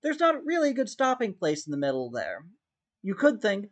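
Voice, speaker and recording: Music teacher humming rhythms on "da". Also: male voice, high-pitched, sing-song, a little fast, fairly bright tone. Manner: explains step by step, hums rhythms on "da". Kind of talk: recorded online lesson. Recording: dull lo-fi recording.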